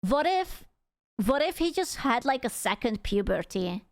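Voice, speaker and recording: A woman's voice: fairly high pitch, sing-song, measured pace, creaky, dry recording, clean studio sound. A young woman streamer giving casual, chatty reaction commentary, often laughing and full of fillers.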